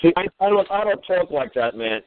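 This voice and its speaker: A man's voice: a little high, expressive, fairly quick, no room sound. A man hosting a call-in radio show, scolding and mocking his caller in a profane rant. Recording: tinny phone-line radio audio.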